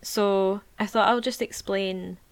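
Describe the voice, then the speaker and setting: A woman's voice: mid-range voice, steady tone, slow, smooth. A woman co-hosting a podcast, chatting and explaining in a friendly way. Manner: friendly, laughs often, explains at length. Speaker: podcast co-host. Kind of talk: casual podcast chat.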